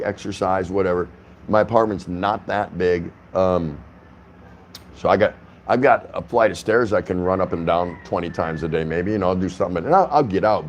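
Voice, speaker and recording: Male vlog host, lowish voice, rambling conversational delivery, home recording with a faint background hum. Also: darkish tone. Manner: rambling, chatty, frequent restarts and fillers. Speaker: vlogger host. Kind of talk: casual talking-head vlog. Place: apartment indoors.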